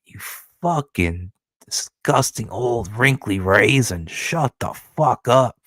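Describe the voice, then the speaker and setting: A man's voice: medium pitch, expressive, slow, fairly bright tone, no echo. A man streaming commentary who rants angrily and profanely, hurling insults and repeating himself. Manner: angry, profane, insulting, repetitive.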